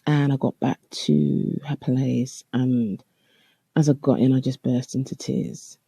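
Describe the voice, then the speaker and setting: A man hosting a travel podcast, recounting a personal story in a reflective, halting way with restarts. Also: mid-range voice, little pitch movement, creaky, mellow, slightly rough, no room sound. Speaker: podcast host. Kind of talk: storytelling monologue.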